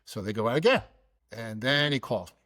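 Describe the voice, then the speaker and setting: A man's voice: medium pitch, animated, brisk, fairly bright tone, dry recording. A middle-aged man hosting a podcast, telling a funny personal story and acting out the dialogue. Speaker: podcast host.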